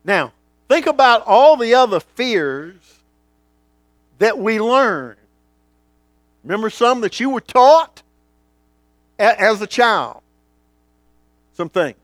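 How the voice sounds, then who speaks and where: A man preaching from the pulpit, his voice sitting high and leaping all over the place. He drops to a near hush and then climbs back to a booming call, and he plays out the people in his stories. The sound is close and dry, with no room around it. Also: sing-song, slow, long pauses, dry recording. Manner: dramatic swings from booming to hushed, acts out quoted voices. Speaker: pastor. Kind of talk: sermon.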